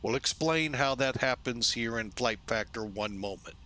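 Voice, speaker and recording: A man's voice: medium pitch, moderate pace, bright, forceful tone, a little hiss or hum. A man from St. Louis hosting a flight-sim video, narrating casually with rambling asides, jokes and self-corrections. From St. Louis, USA.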